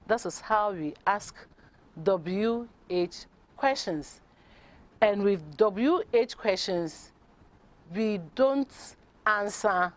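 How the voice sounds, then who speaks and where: A woman teaching a grammar lesson, speaking deliberately and repeating example questions. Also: mid-range voice. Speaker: English teacher. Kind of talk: classroom lesson.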